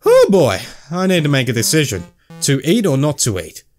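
A man's voice: fairly high pitch, huge pitch swings, moderate pace, faint music behind. A young man commentating a video game, who reads the inner thoughts in choppy broken grammar and swears casually while joking. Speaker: gamer playing and reading a game. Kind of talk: let's play commentary.

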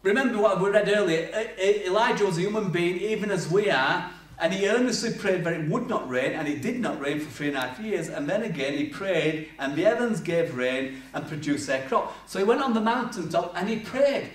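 Male preacher, animated storyteller, recorded from afar in a reverberant hall. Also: sits high, fairly quick, hardly any pauses. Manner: lively storytelling with acted-out voices and humor. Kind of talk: sermon. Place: church hall. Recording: echoey church hall from far off.

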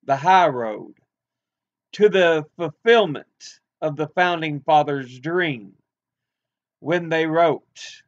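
An older man hosting a podcast, reading an interview aloud in a measured way, with occasional restarts. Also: fairly high pitch, animated, highs cut off.

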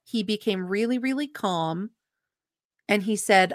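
A young adult woman speaks as a podcast guest, retelling her own story with earnest emotion. She slips into quoted dialogue as she goes. Her voice sits at an ordinary middle pitch and is recorded close and dry, with no room sound. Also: measured pace, no echo. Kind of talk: personal storytelling in an interview.

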